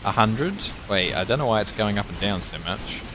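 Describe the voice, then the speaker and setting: A man giving casual live commentary as he plays a video game, thinking aloud with excitable outbursts. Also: lowish voice, moderate pace, noisy background. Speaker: gaming channel host.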